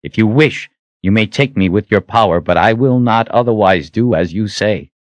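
A man's voice: fairly low pitch, normal speed, no echo, pitched above the performer's own voice, close to an everyday voice. A man voicing an earnest young army captain who speaks with raised, intense conviction in an audiobook. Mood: resolute.

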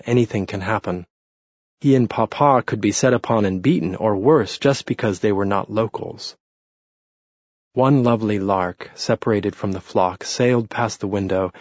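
Brief: steady male storyteller, dry close recording, low voice. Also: dry recording, lo-fi sound. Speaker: audiobook narrator. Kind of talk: scripted narration.

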